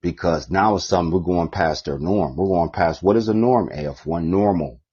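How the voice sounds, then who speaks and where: A man giving a preachy, profane rant, repeating himself often, with a husky voice. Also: low voice, moderate pace, warm tone, highs cut off. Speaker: vlogger.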